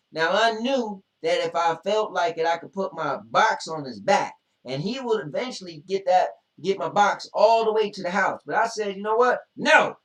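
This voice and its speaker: A man's voice: sits high, distant mic. A man with a drawl trades banter as co-host, reading questions aloud and spinning boastful, joking tall tales. He sits away from the mic, and the room echoes around his voice. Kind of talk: casual chat reading questions.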